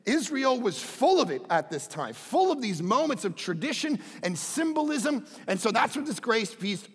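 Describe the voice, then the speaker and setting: A middle-aged man preaching a sermon as pastor, often breaking into shouts. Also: very high-pitched, big pitch swings, moderate pace, breathy edge, in a large hall.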